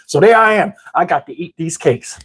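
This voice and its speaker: A middle-aged man from New Jersey telling a comic story in a casual, animated, profane way, talking to listeners as y'all. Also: a little high, normal speed, husky.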